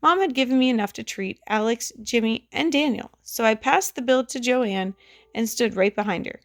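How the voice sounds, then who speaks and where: A woman narrates a children's story in the first person, telling it in a lively way. Her voice carries a gravelly edge, and she sits close to the mic in a dry recording. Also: on the high side, moderate pace, dry recording. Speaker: audiobook reader.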